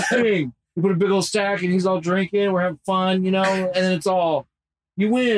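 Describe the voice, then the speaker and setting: Profane, laid-back podcast host, fairly high. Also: male voice, fairly even intonation, fairly quick, poor audio. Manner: profane, laid-back storyteller acting out quotes. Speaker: podcast host and tattoo artist. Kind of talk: casual podcast chat. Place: workshop.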